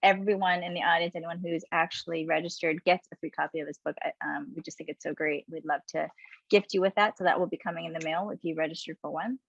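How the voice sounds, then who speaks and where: A woman hosts a webinar over a video call, chatting and laughing easily as she introduces her guest. Her voice sits low for a woman. The sound is dull and lo-fi, in a dry, close room. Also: fairly even intonation, fast, vocal fry, no echo. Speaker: webinar host.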